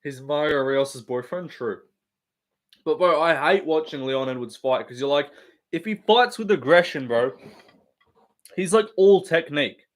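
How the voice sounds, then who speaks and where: An Australian man hosts a casual live stream, rambling with heavy swearing and blunt takes. His voice sits somewhat high for a man. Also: animated, a little slow.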